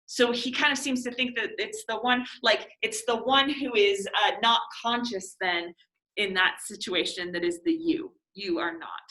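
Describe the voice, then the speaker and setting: A woman teacher leading a literature class discussion, thinking aloud, reading passages slowly and putting questions to her students. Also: mid-range voice, pushed and bright, rough recording. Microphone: classroom recording.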